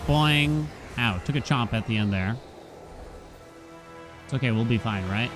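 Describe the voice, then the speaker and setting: A man streaming a game, chatting casually and telling an animated story with sudden exclamations. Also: medium pitch, unhurried, music in the background. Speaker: gaming streamer. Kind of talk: casual gameplay commentary with storytelling.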